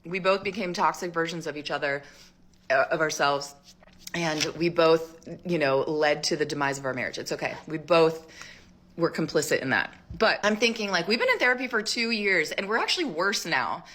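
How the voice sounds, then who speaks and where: A woman's voice: low voice, expressive, normal speed, fairly bright tone. A woman in her thirties telling her own divorce story in a chatty vlog style, full of fillers.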